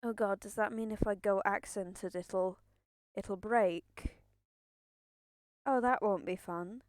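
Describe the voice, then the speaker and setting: A young woman talks to her stream in a slow, unhurried drawl, yet she sounds jittery and a little out of breath, circling back over the same words and swearing as she goes. The sound is dry and close, with no room around her. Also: mid-range voice, dry recording. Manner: rambling, nervous, swears and repeats herself. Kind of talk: casual live-stream chat.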